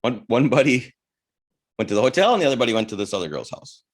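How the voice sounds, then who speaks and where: A man's voice: mid-range voice, very animated, fast. A man co-hosting a casual podcast, telling a crude, rambling anecdote with many restarts. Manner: rambling, self-interrupting storyteller with crude humor. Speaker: podcast co-host. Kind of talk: casual storytelling chat.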